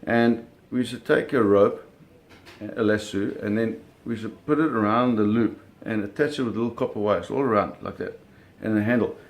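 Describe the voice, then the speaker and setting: On the low side and at a moderate pace, this man's voice carries a casual anecdote about hunting sharks. He brings it to life by acting out noises, though he frequently corrects himself and repeats words.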